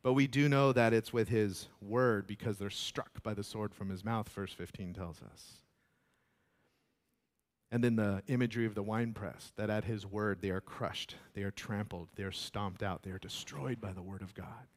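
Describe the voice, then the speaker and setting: A man preaching a sermon as pastor, animated and often repeating words. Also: fairly low pitch, moderate pace.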